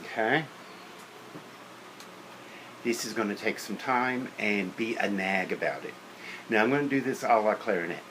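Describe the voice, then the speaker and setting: A man's voice: fairly low pitch, moderate pace, long pauses, noisy background. A man lecturing on teaching beginner band, practical and opinionated, counting and singing rhythms aloud. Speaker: music teacher.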